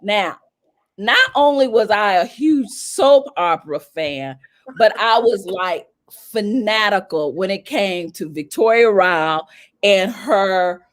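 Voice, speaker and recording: A woman from North Carolina, a celebrity publicist telling stories as an interview guest, animated and acting out what people said in a raised voice. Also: mid-range voice, slow. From North Carolina, USA. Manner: animated, acts out quotes in a raised voice. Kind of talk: storytelling in an interview.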